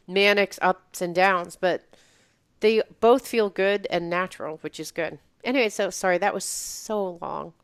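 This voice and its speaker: Low-voiced reflective woman, smooth and close. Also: normal speed, no room sound. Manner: reflective, meandering with many fillers. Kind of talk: casual chat.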